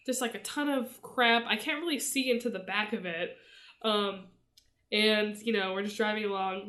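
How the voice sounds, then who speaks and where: A young woman co-hosting a podcast tells a story in a casual, animated way, laughing often. Her voice is mid-range.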